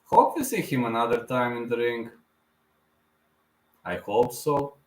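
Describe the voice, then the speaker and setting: A man's voice: mid-range voice, very animated, unhurried, echoey room, rough recording. A man in his thirties hosting a live fight reaction stream, talking in an emotional, repetitive fan manner. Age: 30s.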